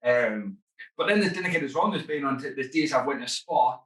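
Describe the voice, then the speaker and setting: A man telling stories in casual chat, swearing freely and animated. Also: medium pitch, a little fast. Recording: roomy, distant mic.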